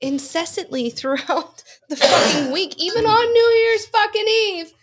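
A woman's voice: very high voice, steady tone, a little slow, heavy background noise. A woman co-hosting a podcast, chatting casually, blunt and swearing freely. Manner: blunt, swears a lot, dry complaints. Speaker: podcast co-host. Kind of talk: casual chat.

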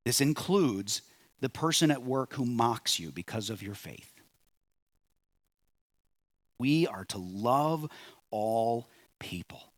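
Preaching with measured delivery, a male pastor lifts his voice on key phrases and lets it fall softly as each line ends. His mid-range voice carries lively intonation, recorded with no room sound.

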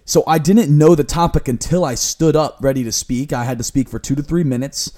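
His voice is fairly high and mellow, and he speaks briskly. This young Florida lifestyle coach runs a solo podcast, offering motivation with earnest, upbeat energy.

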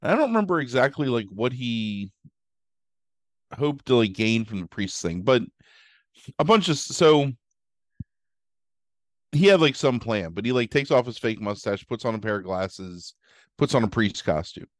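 A man's voice: mid-range voice, big pitch swings, measured pace, long pauses, dry recording, clean studio sound. A man chatting casually as a podcast co-host, rambling through a movie recap full of "like" and "um" while acting out quotes. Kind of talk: casual chat.

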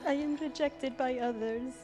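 A woman's voice: high voice, fairly even intonation, moderate pace, natural voice. An actress playing an emotional, outcast woman at a well in a TV drama scene. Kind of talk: TV drama dialogue. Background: music score.

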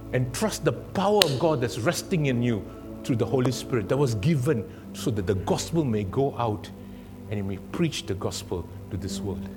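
Dramatic male preacher over background music. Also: medium pitch. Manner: dramatic storytelling, swinging from loud to hushed. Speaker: guest preacher. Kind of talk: sermon.

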